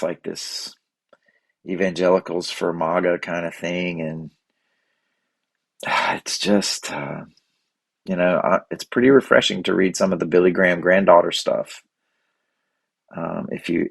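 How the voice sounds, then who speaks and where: A man with a deep voice hosts his own show, thinking out loud in a halting, earnest way. His voice is husky and dry, recorded close with no room sound. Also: no echo. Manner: halting, many restarts and fillers, earnest. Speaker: podcast host. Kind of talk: unscripted reflective monologue.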